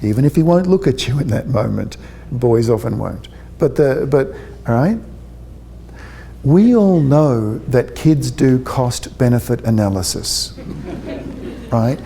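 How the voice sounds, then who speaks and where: A man's voice: medium pitch, lively intonation, a little slow, creaky, pauses often, dark tone, a little hiss or hum. A man giving a public talk to parents as a parenting consultant, chatty and joking, often checking in with his audience.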